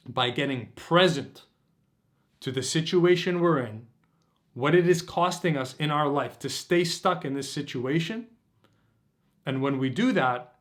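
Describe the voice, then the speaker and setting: A man's voice: a little high, a bit bright. A man giving a motivational dating-coach workshop talk, intense, preachy and profane.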